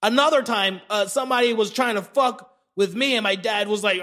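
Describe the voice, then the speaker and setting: A man's voice: high-pitched, moderate pace, hardly any pauses, a bit bright. A man hosting a solo comedy podcast, ranting in an indignant, profane way. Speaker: podcast host.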